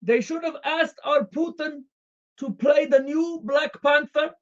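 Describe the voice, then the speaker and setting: A streamer putting on a slow deadpan Russian comrade. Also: sits high, highs cut off. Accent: put-on Russian. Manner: slow, deadpan, formal broken English. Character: Russian communist comrade loyal to the Kremlin. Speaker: live stream host. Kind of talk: comedic live stream chat in character.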